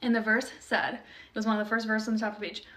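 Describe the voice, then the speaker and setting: A young woman with a somewhat high voice recounts a personal story in casual, rambling speech, leaning on little fillers as she goes. She sits a little back from the mic, so her voice has a slight distance to it. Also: flat delivery, fast talker, fairly bright tone. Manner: chatty, many fillers like "like" and "um". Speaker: storyteller sharing a testimony. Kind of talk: casual personal testimony video.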